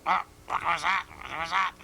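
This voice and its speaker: A drowsy, muddled bear creaks and rumbles through each slow word, as a man acts him out. His gravelly voice stays bright and ringing despite the grit, and he keeps wondering aloud what on earth is going on. A faint hiss sits under the recording. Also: fairly even intonation, exaggerated voice. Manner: slow, wondering, muttering to himself. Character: bumbling, puzzled male bear just woken from hibernation.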